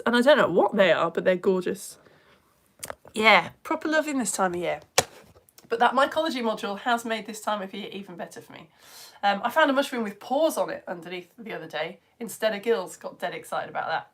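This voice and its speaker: A woman's voice: on the high side, expressive, normal speed, fairly bright tone. Bubbly woman chatting on a live stream. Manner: bubbly and chatty, with whispered asides. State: slightly strained throat. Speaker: online science teacher. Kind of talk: live-stream chat reading comments.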